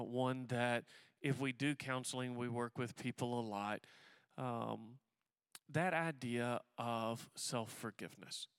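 A man moderating a panel, asking questions in a halting, gently joking way with many fillers. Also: mid-range voice, clear, resonant tone, no room sound.

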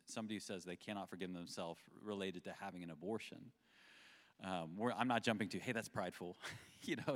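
A man on a faith panel, talking reflectively about Scripture with some restarts. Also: on the low side. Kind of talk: panel discussion. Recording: long hall reverb.

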